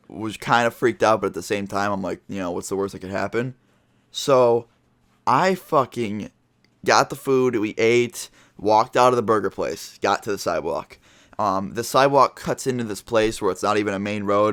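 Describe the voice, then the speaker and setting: A man's voice: on the low side, fairly bright tone, clear, resonant tone, no echo. A teenage boy vlogging a storytime, talking casually with lots of fillers and swearing. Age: teens. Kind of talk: storytime vlog.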